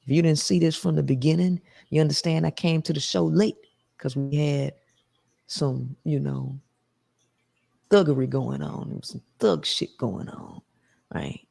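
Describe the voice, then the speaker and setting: A woman hosting a live call-in show, talking in a slow, emphatic, preachy way. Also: low-pitched, vocal fry, dark tone. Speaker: host.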